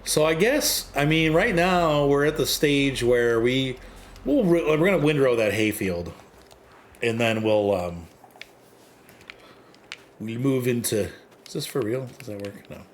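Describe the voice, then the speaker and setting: A man's voice: medium pitch, animated, unhurried, long pauses. A man giving rambling, casual gameplay commentary, often laughing, while he plays. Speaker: gameplay streamer. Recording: game engine noise behind voice. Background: farm vehicle noise from the game.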